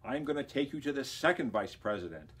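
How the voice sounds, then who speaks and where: A man voicing an annoyed male vice president, brisk and dismissive. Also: mid-range voice, big pitch swings, fairly bright tone, husky.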